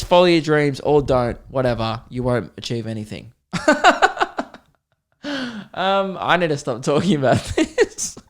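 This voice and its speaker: A man's voice: mid-range voice, clean tone. A man in his twenties with an Australian accent, hosting a solo comedy podcast in a sweary, rambling, self-deprecating way.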